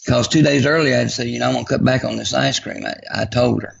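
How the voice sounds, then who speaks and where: Gravelly folksy storytelling man. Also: medium pitch, steady tone, fast, highs cut off. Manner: folksy, self-deprecating humor. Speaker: guest. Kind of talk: personal storytelling.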